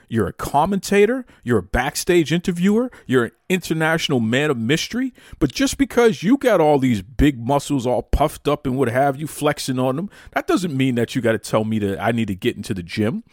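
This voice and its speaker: A man hosting a podcast, chatting casually in animated, mock-outraged banter. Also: mid-range voice, no room sound, clean studio sound. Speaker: podcast host. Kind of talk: casual chat.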